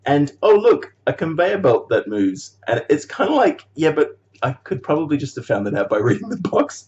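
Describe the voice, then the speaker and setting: Lively man, rambling and laughing. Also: mid-range voice, highs cut off, slight background noise. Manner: chuckles often, swears casually, trails off. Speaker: animator vlogger. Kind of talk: casual rambling chat.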